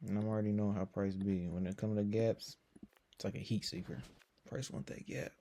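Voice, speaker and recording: Young guy, slightly low voice, tired, narrating his trades in slangy casual chat, mutters and then curses loudly. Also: steady tone, a little fast. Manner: swings from low muttering to loud exclamations, swears often; slangy, filler-heavy talk. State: tired from little sleep. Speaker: day trader streaming his session. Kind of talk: casual live trading commentary.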